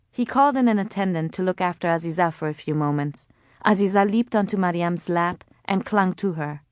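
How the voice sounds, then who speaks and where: A woman's voice: mid-range voice, no room sound. Woman narrating a novel, dry and close. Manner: measured, even reading. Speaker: audiobook narrator. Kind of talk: scripted narration.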